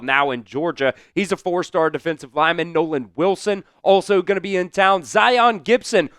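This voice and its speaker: A man's voice: a little high, clean tone, no room sound, clean studio sound. A man hosting a sports recruiting show, talking energetically and speaking straight to his viewers. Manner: energetic, addresses viewers directly. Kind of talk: casual sports talk show.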